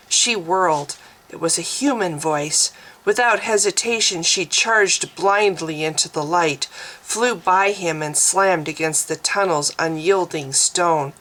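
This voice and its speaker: A woman reading her own fantasy novel aloud as narrator, slowly and deliberately. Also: fairly low pitch, fairly bright tone, low-quality recording.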